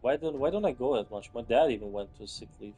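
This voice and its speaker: A young man giving casual, profane commentary while playing a game, lurching from loud angry outbursts to low muttering. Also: expressive, fast talker, faint music behind, rough recording.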